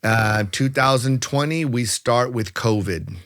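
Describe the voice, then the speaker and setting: A man's voice: medium pitch, a little slow, fairly bright tone, smooth. A middle-aged man, a realtor guest, telling stories emphatically in a casual interview and often calling the host by name.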